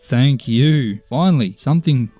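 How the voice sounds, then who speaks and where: A man's voice: mid-range voice, lively intonation, measured pace, mellow, no room sound, soft background music. A young man giving chatty let's play commentary, talking to the game characters and joking at his own expense. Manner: chatty, talks to game characters, mild self-mockery. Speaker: gaming YouTuber.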